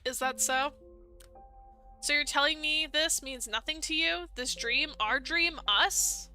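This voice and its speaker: A woman's voice: high voice, takes it slowly, bright, forceful tone, soft background music, heavily acted. A woman voicing a heartbroken young man in a dating game, earnest and pleading.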